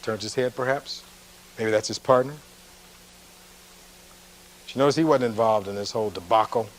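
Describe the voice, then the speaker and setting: A man's voice: mid-range voice, rough recording. Man giving a courtroom closing argument. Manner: reads testimony aloud, then asks pointed rhetorical questions. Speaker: defense attorney.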